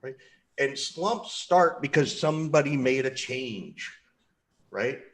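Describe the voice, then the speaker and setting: A man's voice: medium pitch, animated, slow. A man speaking on an online sales panel over a video call, emphatic and acting out coaching conversations. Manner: emphatic, acts out coaching dialogues.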